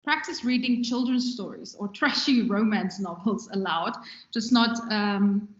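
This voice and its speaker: A woman's voice: medium pitch, a little slow. A woman giving a conversational recorded lecture on radio production, talking with her hands as she goes. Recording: echoey room, dull lo-fi sound.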